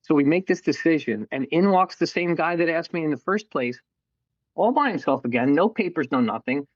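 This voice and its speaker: A man's voice: a little high, fairly quick, no room sound, highs cut off. A middle-aged man telling his life story in a candid, casual interview, acting out what people said to him. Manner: candid, animated storyteller who acts out quoted voices and swears casually.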